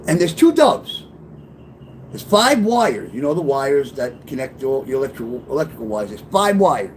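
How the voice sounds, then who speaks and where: A man's voice: medium pitch, sing-song, moderate pace, slight background noise. A middle-aged man telling a personal testimony, rambling, swearing and breaking into tearful outbursts. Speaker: author telling his life story.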